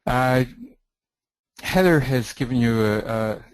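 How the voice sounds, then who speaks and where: A middle-aged Canadian man, a heritage planning consultant, presenting a webinar in a measured, explanatory way. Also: medium pitch, smooth, poor audio. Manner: measured, explanatory, with some restarts.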